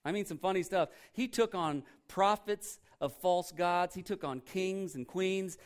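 Brief: male pastor, lively sermon storytelling, punchy repeats, slightly high-pitched. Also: measured pace, smooth. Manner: emphatic, animated storytelling with repeated phrases. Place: church.

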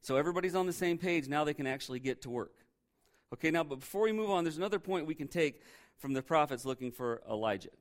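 A man's voice: a little high, animated, fast talker. A male pastor preaching a sermon in a church, conversational and full of rhetorical questions.

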